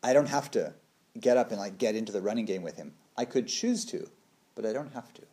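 A man's voice: on the low side, lively intonation, fairly quick, mellow. A man in his thirties giving a casual talk on meditation, laughing often and acting out little quoted voices. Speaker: meditation teacher.

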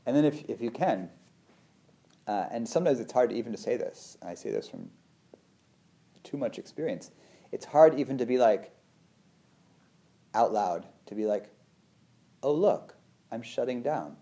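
A man, a meditation teacher, giving a conversational talk on feelings and the body, who often acts out his inner voice with sudden lively jumps. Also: fairly low pitch, normal speed, vocal fry, long pauses. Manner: conversational, many fillers and restarts. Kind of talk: reflective talk on feelings and the nervous system.

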